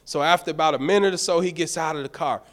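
A man with a notably high voice preaches a sermon in a church as a deacon. He tells a personal story in an animated, folksy way. He speaks straight to his listeners, and his voice swells from easy talk into loud, shouted peaks. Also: quick pace. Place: church sanctuary.

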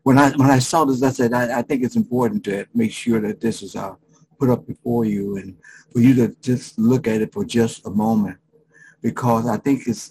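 A middle-aged male pastor preaching a sermon, emphatic, with dramatic pauses and frequent restarts. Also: medium pitch, warm tone, slight background noise, low-quality recording.

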